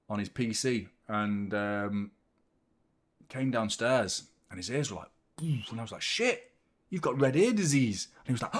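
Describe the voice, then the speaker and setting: A man hosting a live football watchalong, chatting casually with animated, sweary banter. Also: mid-range voice. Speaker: host of a football fan watchalong.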